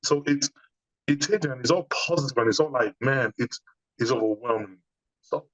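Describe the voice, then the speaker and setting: A man's voice: medium pitch, a little fast, dry recording, poor audio. A man being interviewed as a guest, speaking casually and telling stories with many restarts. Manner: animated storytelling, many restarts. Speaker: bodybuilder guest.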